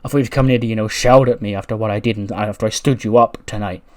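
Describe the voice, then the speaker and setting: A man's voice: fairly low pitch, fairly even intonation, rapid-fire, a little mellow, lightly acted. A man voicing a cool, irritated male wrestler who speaks curtly. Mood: annoyed.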